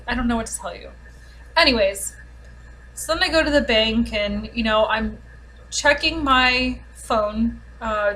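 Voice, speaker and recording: Exasperated woman ranting, slightly high. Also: pushed and bright, slight background noise, rough recording. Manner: exasperated, sarcastic, fast-talking. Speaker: vlogger. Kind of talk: casual storytime rant. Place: home, with a dog nearby.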